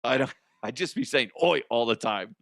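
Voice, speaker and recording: A man's voice: medium pitch, animated, moderate pace, creaky, fairly bright tone, dry recording, clean studio sound. A man hosting a comedy podcast, rambling through a crude monologue, giggling and swearing.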